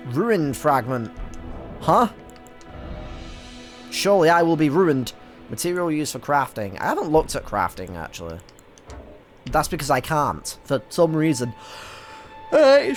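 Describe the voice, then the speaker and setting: A young British man giving casual, excitable commentary while playing a game, swearing often and stumbling over his words. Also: mid-range voice. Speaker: gaming streamer. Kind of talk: casual let's-play commentary.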